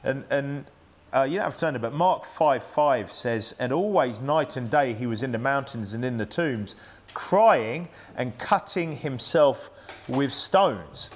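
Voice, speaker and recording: Preaching a sermon in a church, a British man talks conversationally, often restarting sentences and adding tag questions. His medium-pitched voice is expressive and unhurried, picked up by a plugged-in microphone.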